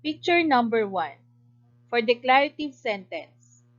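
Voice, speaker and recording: A woman teacher with a Filipino English accent, giving a recorded grammar lesson in a clear, instructive way and praising answers. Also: fairly high pitch, sing-song, unhurried, lo-fi sound.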